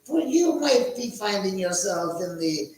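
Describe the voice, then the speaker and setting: A man's voice: high-pitched, big pitch swings, a little slow, darkish tone, pitched above the performer's own voice. A man voicing a ghoulish old male crypt keeper who cackles between theatrical lines. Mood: cackling. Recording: echoey room, distant mic.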